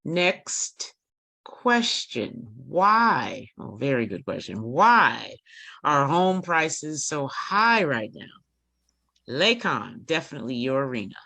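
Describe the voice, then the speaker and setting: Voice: mid-range voice, very animated, gravelly, bright, forceful tone, no room sound. A moderator reading out listener questions on a talk show. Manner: slow, deliberate, reads out listener questions.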